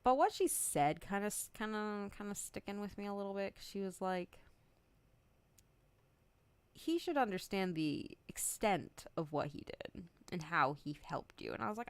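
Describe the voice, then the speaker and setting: A woman's voice: mid-range voice, expressive, normal speed, clear, resonant tone, no room sound. A woman in her twenties chatting candidly on a stream. She swears freely, laughs often and acts out both sides of the conversations she retells. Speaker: VTuber streamer. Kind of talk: casual chat stream.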